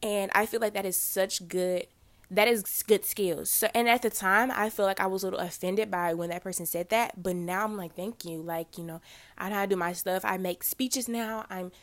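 A woman's voice: medium pitch, fairly even intonation, moderate pace. A teenage girl hosting her own podcast, a little congested, talking casually with many fillers and self-corrections. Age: teens. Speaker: podcast host.

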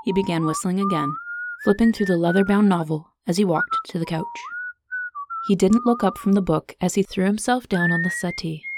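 A woman narrating a fantasy story with steady, even-paced storytelling. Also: mid-range voice, noisy background.

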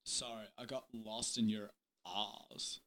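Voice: mid-range voice, very animated, slow pace. A performer playing a laid-back male stage manager in his seventies who mumbles in a drawling, unbothered way, in an improv comedy sketch. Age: 70s.

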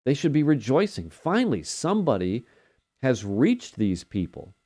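An older man hosting a daily devotional, talking through scripture in an unhurried, conversational way with frequent fillers. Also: mid-range voice, sing-song, mellow. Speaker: devotional podcast host.

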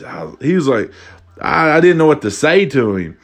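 Animated, profane man telling stories. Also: fairly high pitch, moderate pace, creaky. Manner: animated, profane, acts out quoted voices. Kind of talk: casual storytelling monologue.

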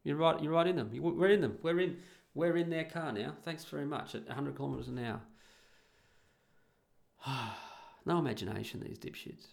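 Middle-aged male storyteller; gravelly, emphatic, sweary, blunt casual delivery. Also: on the high side, normal speed, pauses often, a little mellow. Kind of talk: casual anecdote to an audience.

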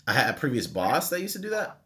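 A man's voice: medium pitch, wildly swooping pitch, quick pace, a bit bright. A man co-hosting a casual podcast, rambling with lots of fillers and self-deprecating asides. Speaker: podcast co-host. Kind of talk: casual chat.

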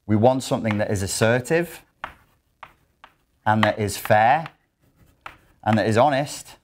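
A man speaks to an audience in a lecture room with a fairly low voice. His delivery is animated, and he acts out quotes in other voices. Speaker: speaker giving a talk. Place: lecture room in an academic institution.

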